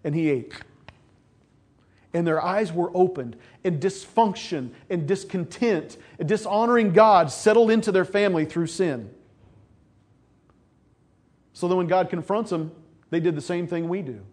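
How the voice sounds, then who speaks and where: A man preaching a lively sermon who acts out the voices of scripture figures as he tells the story. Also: high voice, unhurried, pauses often. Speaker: pastor.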